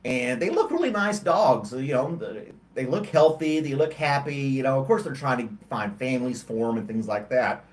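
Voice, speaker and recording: A man's voice: medium pitch, steady tone, moderate pace, darkish tone. A man hosting a casual livestream chat, tired and yawning, talking in a rambling, hesitant way with many ums and restarts. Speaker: host of a livestream chat show. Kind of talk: casual chat with live chat viewers.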